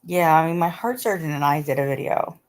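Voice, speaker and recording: A middle-aged woman chats on her live stream in a low, easygoing voice. She talks in loose, repetitive bursts and answers viewers by name. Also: a little fast. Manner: chatty, repeats herself, reads out viewer comments. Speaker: livestream host. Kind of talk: casual live-stream chat.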